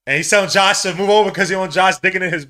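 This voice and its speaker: Excitable New man watching a game. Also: very fast. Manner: excitable, swings from low mutters to loud cheering; casual slang, calls listeners bro and son. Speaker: podcast host. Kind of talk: live sports watch-along commentary.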